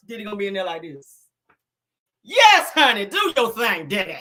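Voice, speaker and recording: A man's voice: high-pitched, huge pitch swings, normal speed, long pauses, bright, forceful tone. A man hosting casual gossip commentary in a flamboyant, sassy, cackling manner.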